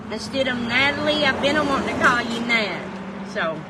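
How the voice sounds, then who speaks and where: This livestream host has a fairly high, lively voice and talks at a normal speed with few pauses against a noisy background. She keeps things casual, reading comments and greeting viewers by name in a homey, folksy style.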